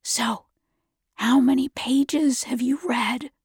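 A woman voicing a secretive, teasing teenage boy who talks in a hush in an audiobook reading. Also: sits high, steady tone, extremely slow, gravelly, slightly rough, dry recording, studio quality, exaggerated voice. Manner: hushed whispering. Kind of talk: audiobook narration.

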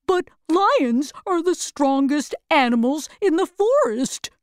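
A kind, helpful scarecrow, as a woman reading the story puts him on, speaking in a friendly, reassuring way. The voice is high and lively. It is close and dry. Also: slow, dry recording, heavily acted.

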